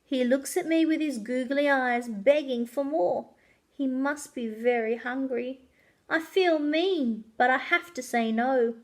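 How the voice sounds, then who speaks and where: A woman's voice: high-pitched, unhurried. A woman reading a children's chapter book aloud as a librarian, telling it expressively and doing voices. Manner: expressive, animated storytelling with voices. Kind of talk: children's story read-aloud.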